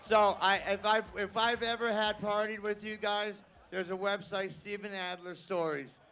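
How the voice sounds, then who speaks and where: A man's voice: high voice, fairly even intonation, moderate pace, pushed and bright, a little hiss or hum. A man rambling on a live awards stage, joking and swearing as he trails off mid-sentence. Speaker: award presenter. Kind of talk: off-the-cuff stage talk.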